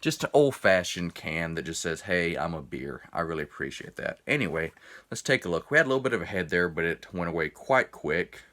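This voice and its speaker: A man's voice: low voice, expressive, a little fast, pushed and bright. A man rambling through a casual beer review video, a little tipsy after a few drinks. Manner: rambling, chatty, self-interrupting.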